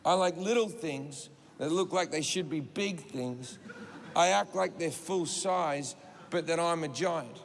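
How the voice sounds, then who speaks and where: Gravelly stand-up comedian in his forties. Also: fairly high pitch, a little slow. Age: 40s. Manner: profane, storytelling, punchy delivery. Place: stage in a large venue. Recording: reverberant hall with audience noise.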